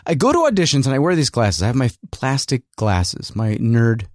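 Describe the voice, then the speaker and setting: A man's voice: medium pitch, big pitch swings, moderate pace, dry recording, studio quality. A man hosting a casual solo rant, rambling and sarcastic, full of fillers and restarts. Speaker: podcast host and working actor.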